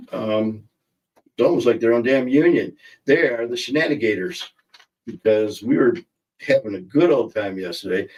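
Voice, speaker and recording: The livestream host, a man with a lowish voice, jokes and rambles through viewer comments from his car. The recording is low in quality, with the mic at a distance.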